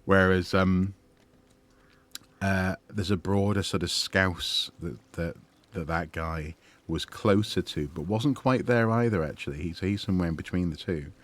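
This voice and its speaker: A man's voice: sits low, measured pace. A man streaming a game, chatting and musing with lots of fillers and restarts. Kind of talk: gaming livestream commentary.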